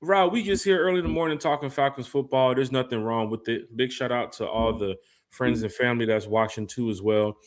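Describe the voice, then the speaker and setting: A man co-hosting a casual live fan podcast, reading out viewer shout-outs with energy. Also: medium pitch, a little fast. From lived in Memphis. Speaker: podcast co-host. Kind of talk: casual live-stream chat.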